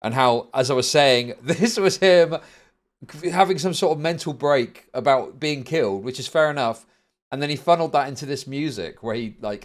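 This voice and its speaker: Sarcastic man ranting on stream. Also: medium pitch. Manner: profane, sarcastic, mocking. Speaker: streamer host. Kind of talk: casual livestream reaction commentary.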